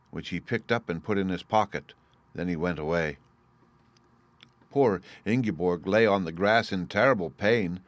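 A man reading a fairy tale aloud as narrator, measured and expressive. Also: low voice, no echo. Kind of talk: storybook reading.

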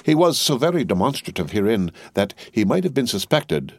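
A man narrating a classic novel as an audiobook in a measured, even reading style. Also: mid-range voice, no room sound, studio quality. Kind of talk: scripted narration.

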